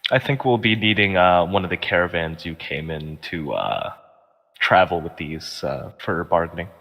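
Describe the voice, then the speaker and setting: A man's voice: deep voice, expressive, moderate pace, fairly bright tone, in a large hall. A man playing a tabletop game, speaking hesitantly with many fillers as his character. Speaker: player. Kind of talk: casual chat in character.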